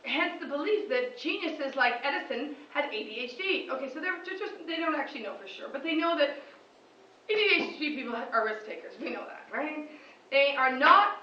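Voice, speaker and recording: A woman teacher talking in an excited, rambling vlog monologue, laughing often and jumping between thoughts. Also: high voice, brisk. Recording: echoey room, distant dull lo-fi mic, faint noise.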